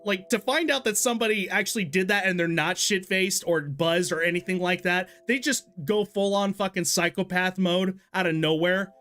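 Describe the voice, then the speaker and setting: Gaming on a live stream, a young man from Texas keeps up casual commentary, reading chat, laughing often and reacting with disbelief. His voice is high-pitched and a bit bright.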